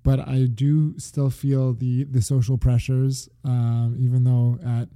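A man's voice: mid-range voice, little pitch movement, slow, mellow. A man in his thirties co-hosting a podcast, chatting casually and laughing easily. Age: 30s. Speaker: podcast co-host. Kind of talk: casual chat.

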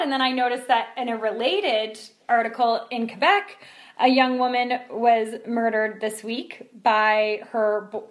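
A woman co-hosting a casual discussion podcast, talking in an animated, indignant way with many fillers. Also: a little high. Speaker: podcast co-host.

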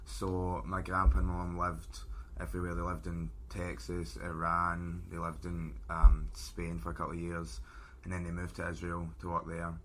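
A man's voice: low voice, monotone, moderate pace, fairly bright tone, slight background noise. A man with a Scottish accent, chatting as a podcast guest in an easygoing way and laughing often. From Scotland. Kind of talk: casual chat.

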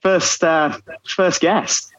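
A man appearing as a podcast guest over a video call, chatting in a friendly, relaxed way. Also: fairly high pitch, drawn-out words, dry recording, poor audio. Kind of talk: casual podcast interview.

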